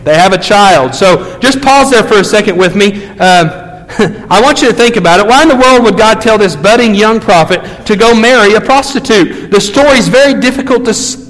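Guy pastor preaching a story sermon, kinda high voice, rambly with lots of ums, big echoey church. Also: fairly bright tone. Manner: conversational, many fillers and restarts.

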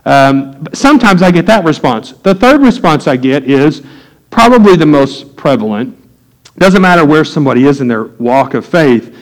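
A man's voice: fairly high pitch, animated, normal speed, rough recording. A male pastor telling a story to his congregation, loose and conversational with restarts. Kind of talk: sermon storytelling to a live congregation.

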